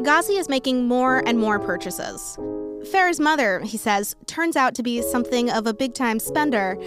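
Woman narrating with a lively, high-set voice. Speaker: host and narrator. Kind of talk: scripted radio narration.

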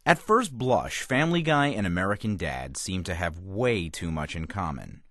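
A man giving a scripted TV review on radio, wry and emphatic. His voice sits low but moves a lot in pitch. The sound is dry and close. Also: lively intonation, normal speed, a bit bright, no echo. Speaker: TV critic.

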